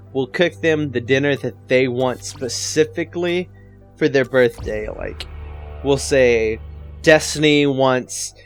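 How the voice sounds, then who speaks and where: A man in his twenties telling stand-up stories in a casual, rambling way, often swearing. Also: mid-range voice. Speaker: comedian. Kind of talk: stand-up storytelling.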